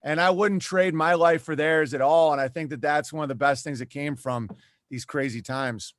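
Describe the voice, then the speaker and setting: High-voiced man ranting as podcast guest. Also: fairly even intonation, normal speed, no room sound, studio quality. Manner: rambling, ranting storyteller with frequent asides. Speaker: comedian guest. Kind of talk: animated podcast conversation.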